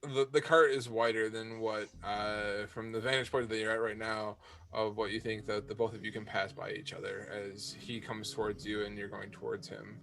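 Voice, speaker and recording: A man narrating a tabletop game as game master, halting with many fillers and restarts. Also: lowish voice, level tone, gravelly, a bit bright.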